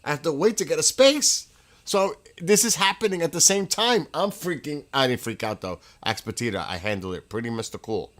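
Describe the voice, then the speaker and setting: A man hosting a casual livestream from home, telling rambling, excitable stories and laughing as he goes. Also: a little high, brisk. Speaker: livestream host. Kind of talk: casual chat.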